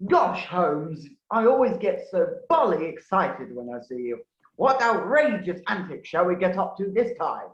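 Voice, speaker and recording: A woman's voice: fairly low pitch, sing-song, a little slow. A woman playing a meek, devoted male sidekick in a live comedy sketch, talking hesitantly and eager to please. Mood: cheerful. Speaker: sketch performer. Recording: echoey lo-fi live recording.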